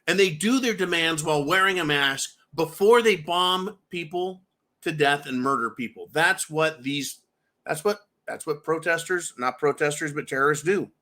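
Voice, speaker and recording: A man's voice: on the high side, moderate pace, sharp tone. A man hosting a political commentary show, ranting angrily and swearing constantly while he talks to his viewers. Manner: profane, furious, repeatedly addresses viewers as folks. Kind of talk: angry political rant.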